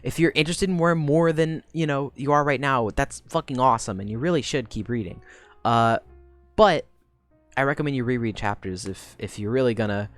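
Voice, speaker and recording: A young woman streamer chatting casually into a desk mic, rambling and energetic, swearing freely. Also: a bass voice, a little fast, dry recording, faint music behind. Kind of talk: casual live-stream chat.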